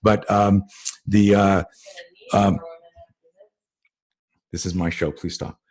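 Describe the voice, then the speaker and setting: A man hosting a self-defense talk show, telling a long story in a lively way and acting out the people he quotes. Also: deep voice, slow pace. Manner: animated, acts out quoted voices, many fillers. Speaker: host and self-defense coach. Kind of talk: conversational storytelling.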